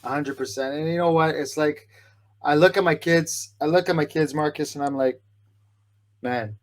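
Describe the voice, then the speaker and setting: A man's voice: on the high side, steady tone, a little fast. A man hosting a podcast, speaking in an earnest, reflective, heartfelt way in casual conversation. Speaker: podcast host.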